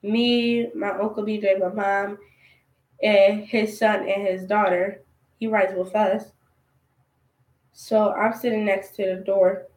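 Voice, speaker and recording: Slow-talking young woman, echoey room. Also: medium pitch, flat delivery, a little mellow. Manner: aggrieved, conversational retelling with quoted dialogue. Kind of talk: storytime vlog.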